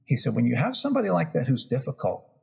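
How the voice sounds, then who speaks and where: A gravelly, husky-voiced man in his fifties with a New York accent tells stories from his career as an interview guest. He acts out what people said as he goes, and his pitch sits in the middle. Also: quick pace. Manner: animated storyteller, acts out quotes. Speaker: guest negotiator. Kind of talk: storytelling interview.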